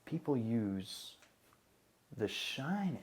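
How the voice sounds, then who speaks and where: A man's voice: mid-range voice, big pitch swings, very slow, husky. A man leading a casual training session for a group, talking in bursts with frequent restarts.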